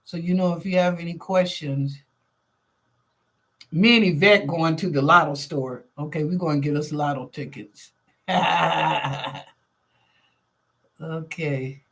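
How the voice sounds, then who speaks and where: A woman hosting a live psychic reading show, talking with her viewers in a chatty, lively way full of casual street slang. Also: sits low, slow pace, pauses often, breathy edge. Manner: reads viewer questions aloud. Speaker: psychic reader and show host.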